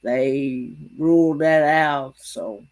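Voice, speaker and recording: A man with a Southern accent chatting casually, speaking haltingly and repeating words as he goes. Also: a little high, fairly even intonation. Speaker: regular guest. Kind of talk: casual chat.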